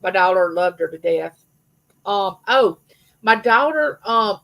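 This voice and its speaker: Chatty gravelly-voiced woman livestreaming. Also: medium pitch, animated, slow pace, a bit bright, rough recording. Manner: chatty, rambling storyteller, greets viewers by name. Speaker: livestream host. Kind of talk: casual live chat with viewers.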